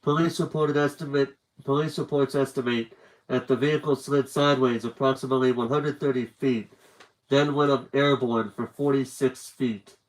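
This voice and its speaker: A man reading a book aloud on a livestream, telling the story in a steady, earnest way. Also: mid-range voice, normal speed, poor audio. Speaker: reader.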